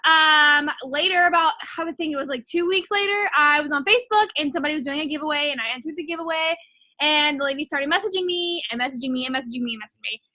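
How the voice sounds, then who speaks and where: Chatty high-voiced young woman. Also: quick pace, pushed and bright, no room sound. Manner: chatty, rambling, heavy filler words. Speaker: network marketing distributor. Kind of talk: casual personal testimony.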